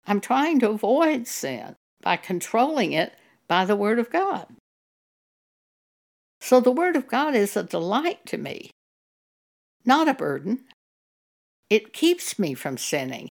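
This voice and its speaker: An older woman giving a sermon, speaking in a slow, measured way and drawing out words as she shares personal testimony. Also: fairly high pitch, sing-song, creaky. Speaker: preacher.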